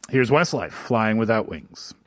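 A man's voice: on the low side, expressive, measured pace, no echo, studio quality, faint music behind. A man hosting a radio riddle segment, reading listener texts and chuckling as he goes. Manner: playful, laughs often while reading riddles and listener texts. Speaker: radio show host. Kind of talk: casual radio quiz hosting. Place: radio studio.

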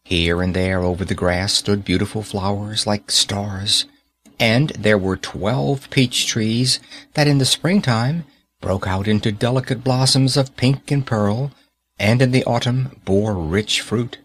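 A man reading a fairy tale aloud as an audiobook narrator in a calm, even storytelling manner. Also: lowish voice, unhurried.

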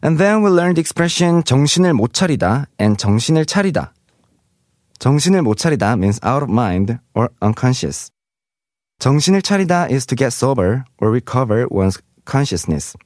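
A man's voice: mid-range voice, very animated, very fast, darkish tone, no room sound, clean studio sound. A man teaching Korean vocabulary in English. He reads example sentences aloud and translates each one. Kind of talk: explaining vocabulary.

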